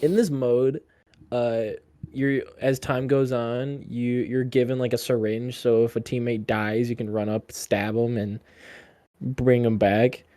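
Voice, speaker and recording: A young man co-hosting a podcast, teasing his friends with deadpan jabs in casual chat. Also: medium pitch, unhurried, no echo. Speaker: podcast co-host.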